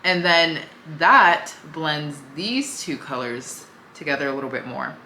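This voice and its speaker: A young woman chats her way through a makeup routine in a casual, easygoing way. Her voice sits low but comes across bright and clear. The room around her is echoey, with a faint hum underneath. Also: lively intonation, a little slow. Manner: chatty, talks while applying makeup, easygoing. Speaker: beauty vlogger. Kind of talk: casual makeup tutorial chat.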